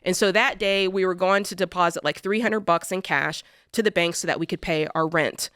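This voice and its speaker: A woman co-hosting a money advice show, telling a personal story in an animated, emphatic way and repeating phrases for effect. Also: lowish voice, brisk, clear, resonant tone, dry recording, studio quality. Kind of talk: personal storytelling in studio conversation. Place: radio studio.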